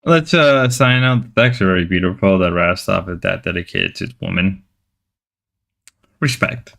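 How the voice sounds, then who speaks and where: A man's voice: a little slow, creaky. A man ranting profanely as a streamer, mocking and lecturing the people he watches. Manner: profane, mocking, shouts in high whiny mimicry. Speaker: streamer reacting to a call-in show. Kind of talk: crude ranting commentary.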